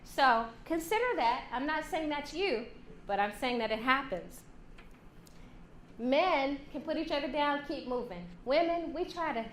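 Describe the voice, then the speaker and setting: A woman giving a lively workshop talk to a women's leadership class, joking and acting out quoted voices. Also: high voice, measured pace. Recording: echoey room, faint hum.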